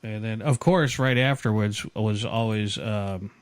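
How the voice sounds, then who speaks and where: A man's voice: fairly low pitch, a little slow, clear, resonant tone, no room sound. A man hosting a podcast, telling crude, joking stories in casual banter. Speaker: podcast host.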